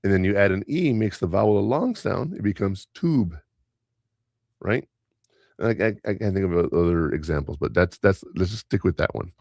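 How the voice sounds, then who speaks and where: A middle-aged man hosting a podcast, telling family stories in a rambling, animated way. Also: low-pitched, normal speed, vocal fry, no echo, clean studio sound. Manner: rambling, animated storyteller who mimics voices. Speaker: podcast host. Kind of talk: casual storytelling chat.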